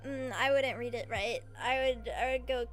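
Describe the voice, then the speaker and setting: A woman's voice: a little high, normal speed. A young woman streamer chatting casually with her viewers, giggly and gushing, rambling with lots of "like.". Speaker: VTuber streamer.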